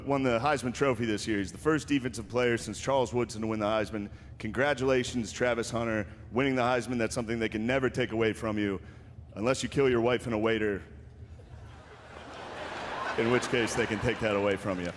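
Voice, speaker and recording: A man's voice: mid-range voice, brisk. Male comic hosting an awards show, rambling stand-up storytelling, big echoing hall, light background hiss. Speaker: comedian host. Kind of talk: stand-up comedy monologue. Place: large awards hall on stage. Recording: long hall reverb, faint noise.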